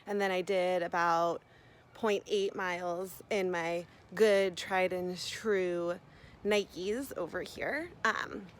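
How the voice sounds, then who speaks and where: A woman's voice: lowish voice, steady tone, takes it slowly. A young woman giving a chatty, upbeat vlog review of running shoes, full of fillers.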